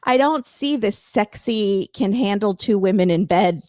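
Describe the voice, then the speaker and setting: A woman's voice: medium pitch, expressive, measured pace, a little mellow, no echo, clean studio sound. A woman podcast guest in casual chat, sarcastic and chatty, using lots of fillers.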